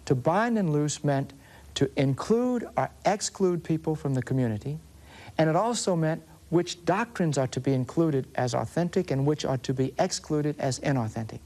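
A man with a Southern US accent preaching a sermon as a Catholic preacher, explaining scripture earnestly and slowing down to stress references. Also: fairly high pitch, darkish tone.

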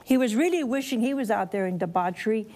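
A woman's voice: a little high, animated, fast, noisy background. A woman preaching a storytelling sermon to a live audience, chatty and folksy, laughing at her own asides and acting out the characters.

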